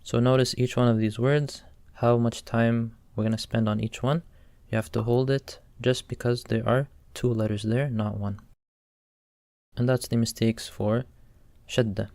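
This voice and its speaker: Male Quran teacher for a recorded lesson, slow and even delivery, smooth clear voice, dry close sound. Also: medium pitch, no room sound. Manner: slow, careful, demonstrates Arabic sounds.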